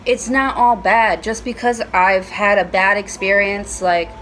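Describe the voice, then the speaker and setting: A woman's voice: mid-range voice, fairly even intonation, unhurried, fairly bright tone, a little hiss or hum, poor audio. A woman giving a casual tarot reading at home, chatty and playful, with frequent swearing. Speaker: tarot reader.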